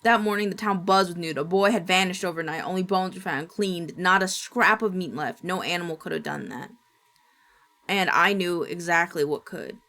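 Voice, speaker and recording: A woman streamer reading a horror story aloud in steady, dramatic narration. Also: fairly low pitch, normal speed.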